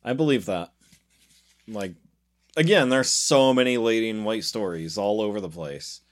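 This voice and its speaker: A man's voice: lowish voice, normal speed. A man, a podcast co-host, chatting casually and joking with his co-host. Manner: joking, teasing, animated when retelling stories. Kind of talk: casual chat.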